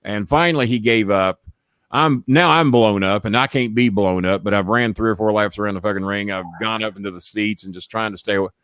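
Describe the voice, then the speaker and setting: A middle-aged man telling a story in casual chat, profane and animated. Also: fairly low pitch, fairly quick, clear, resonant tone, dry recording, clean studio sound. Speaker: storyteller and show host.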